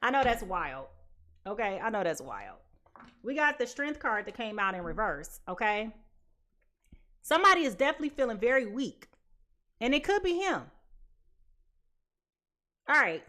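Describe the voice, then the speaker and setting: A young adult woman talks through a live tarot reading to her viewers. Her voice sits high and swings widely in pitch, and she keeps it chatty and animated, acting out quoted voices along the way. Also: moderate pace, pauses often. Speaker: tarot reader.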